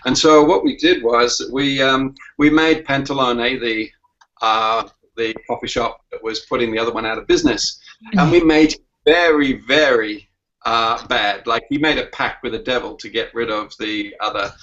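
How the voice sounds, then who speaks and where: Bright, forceful Australian man. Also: mid-range voice, dull audio. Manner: halting, full of "uh" and "um". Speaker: commedia performer. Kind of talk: casual storytelling on a group video call. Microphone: video call.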